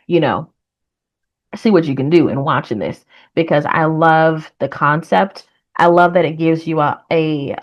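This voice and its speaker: A woman giving a casual reaction commentary on a trailer as the host of her channel, chatty and earnest, with encouraging, faith-tinged sign-offs. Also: deep voice. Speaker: reaction vlogger.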